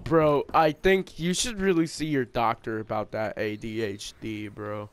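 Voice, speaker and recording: A man's voice: mid-range voice, fairly even intonation, measured pace. A man trash-talking an opponent over online game chat, mocking and insulting. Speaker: online gamer.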